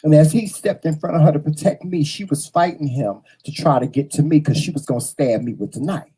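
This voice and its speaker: Dark, husky-voiced man telling a story. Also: on the high side, a little fast, rough recording. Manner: animated, profane storytelling with repeated lines. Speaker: morning show host. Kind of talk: storytelling on a talk show.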